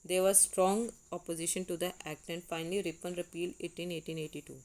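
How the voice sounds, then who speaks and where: Woman teacher, Indian English accent, low-ish voice, deliberate exam-prep lecture with Hindi asides. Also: fairly even intonation, darkish tone, rough recording. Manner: deliberate, with frequent restarts on words. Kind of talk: exam-prep lecture, reading and explaining quiz statements.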